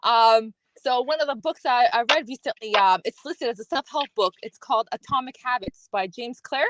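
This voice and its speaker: A woman's voice: on the high side, normal speed, a bit bright, no room sound, rough recording. A woman speaking as a guest in a casual live stream chat, hesitant and full of fillers.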